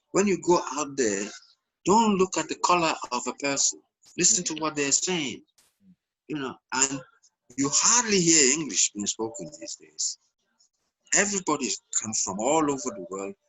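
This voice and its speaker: A man's voice: a little high, a bit bright, slight background noise, poor audio. An older man from Ghana, a podcast guest talking in a loose, rambling way, often repeating words. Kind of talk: casual conversation.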